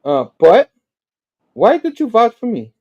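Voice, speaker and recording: Peter Parker, a man reading an excitable young hero. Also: dull audio, exaggerated voice. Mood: upbeat. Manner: quick, excited, higher and louder than his own talk. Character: young adult male hero, jittery and wisecracking.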